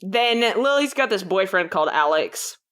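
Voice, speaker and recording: A woman co-hosting a book podcast in casual chat, often acting out characters in quick bits. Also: medium pitch, expressive, fairly bright tone, clean tone. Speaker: podcast co-host. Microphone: headphones on, podcast mic.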